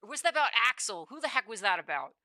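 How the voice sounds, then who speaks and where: Excitable woman gamer with a very bright voice. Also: on the high side, quick pace, dry recording, low-quality recording. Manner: excitable, swears, rambles. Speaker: gamer streamer. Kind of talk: let's play commentary.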